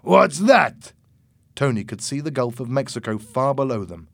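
A man reads a storybook chapter aloud in slow, measured narration. His pitch sits in an ordinary middle range. The recording is dry and close, with no room sound. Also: no room sound. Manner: slow, measured, clear reading. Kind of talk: scripted audiobook narration.

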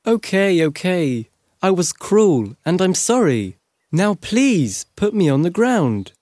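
A man's voice: high voice, sing-song, slow pace, a little mellow, dry recording, studio quality, voice pushed up, full character voice. A man voicing a big bullying boy from a bakery, in a raised, pleading voice.

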